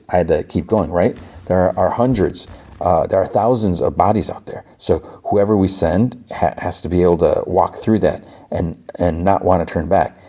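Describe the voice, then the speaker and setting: Low, dark-voiced man casually recapping a show. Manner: retells dialogue with fillers, softened swears, rising when quoting angry lines. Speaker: podcast host recapping a TV show. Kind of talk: casual recap retelling scenes.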